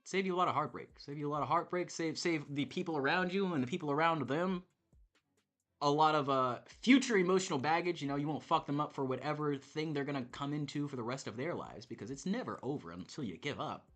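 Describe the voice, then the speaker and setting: A man's voice: fairly high pitch, fast, fairly bright tone. A man streaming while he plays a game, talking candidly and with some swearing about himself and the people around him. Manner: candid, profane, self-reflective. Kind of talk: rambling stream chat while gaming.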